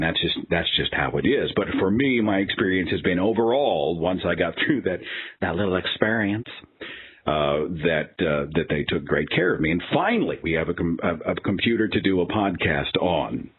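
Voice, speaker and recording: Animated low-voiced male podcast host. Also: breathy edge, narrow, tinny audio. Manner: animated, exasperated anecdotal storytelling. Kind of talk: casual storytelling monologue.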